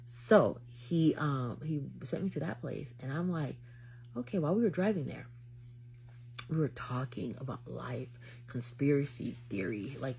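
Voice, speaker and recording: Low-voiced young woman telling a story. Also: gravelly, husky. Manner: dramatic, acts out quotes, lively retelling. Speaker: vlogger telling a dating story. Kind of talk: animated storytelling to camera.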